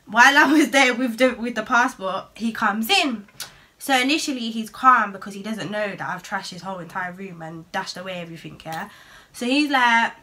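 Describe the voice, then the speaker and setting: A young woman telling a personal story on her vlog, animated, with lots of swearing and street slang. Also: mid-range voice, moderate pace. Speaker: vlogger.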